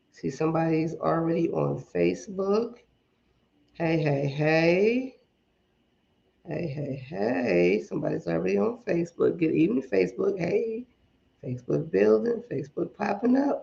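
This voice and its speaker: A woman's voice: low voice, gravelly, dark tone, lo-fi sound. A woman hosting a casual livestream, chatting with viewers and greeting them one by one, her voice a little shaky. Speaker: livestream host. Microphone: iPad and phone at arm's length.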